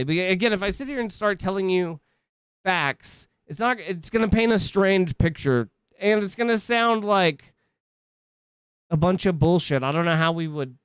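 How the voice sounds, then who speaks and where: Thirties male streamer, slightly high, clean resonant voice, dry close sound, rambling and profane. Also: fairly bright tone, clear, resonant tone, no echo. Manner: rambling, profane, self-interrupting. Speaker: livestreamer. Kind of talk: casual stream chat. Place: home streaming setup.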